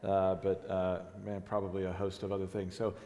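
A hoarse man in his forties, the lead pastor, preaching a sermon in a halting, earnest way with many restarts. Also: deep voice, completely flat delivery, mellow. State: hoarse, strained voice. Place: church sanctuary. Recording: long hall reverb.

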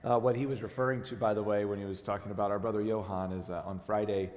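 A hoarse man in his forties, the lead pastor, preaching a sermon in a halting, earnest way with many restarts. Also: fairly low pitch, fairly even intonation, a little mellow. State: hoarse, strained voice. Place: church sanctuary. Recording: long hall reverb.

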